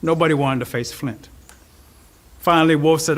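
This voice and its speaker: Male storyteller, high voice, animated oral telling of a folk tale. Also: moderate pace. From Cherokee Nation. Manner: animated, expressive.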